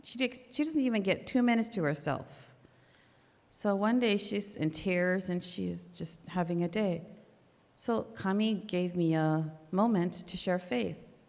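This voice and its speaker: A woman's voice: fairly low pitch, unhurried, creaky, a little mellow. Middle aged woman giving a heartfelt church talk, chatty, echoes around the hall. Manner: earnest, conversational, with small restarts. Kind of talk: informal sermon talk. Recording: long hall reverb.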